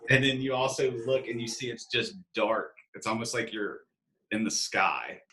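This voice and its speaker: A man's voice: medium pitch, moderate pace, sharp tone. A man narrating a tabletop game as game master, casual and loose with fillers. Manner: casual, filler-heavy storytelling.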